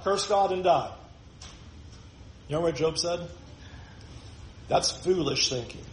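A male pastor with a high-pitched voice delivers an emphatic sermon, slipping into the voices of the people he quotes. The sound has a roomy echo, as in a church sanctuary. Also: a bit bright.

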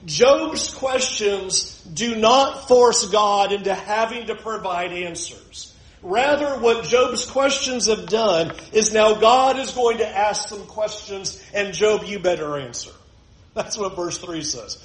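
Male Bible teacher, high voice, expressive with dramatic pauses, echoey room. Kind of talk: verse-by-verse Bible lesson.

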